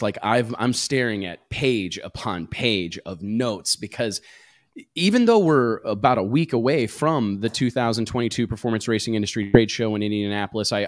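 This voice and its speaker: A man hosts a casual talk show with easy, rambling energy. His voice sits at an ordinary middle pitch, recorded dry and close with no room sound. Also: no echo. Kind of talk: casual podcast chat.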